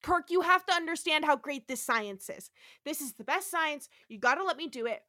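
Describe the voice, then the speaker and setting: A pushy male scientist brags about his great science and brushes off the deaths it caused, as a woman mocks him. The voice is high and bright, recorded dry and close. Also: lively intonation, a little fast, no room sound. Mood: boastful. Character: pushy male scientist, boastful and self-justifying.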